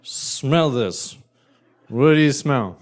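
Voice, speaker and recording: A man's voice: medium pitch, animated, very slow. A man voicing a drunk, demanding woman customer who barks bossy, insistent orders.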